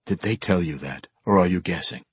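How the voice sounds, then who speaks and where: A man voicing a calm, wary male elf warrior who asks quiet, measured questions. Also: deep voice, husky, no room sound. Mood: wary, concerned.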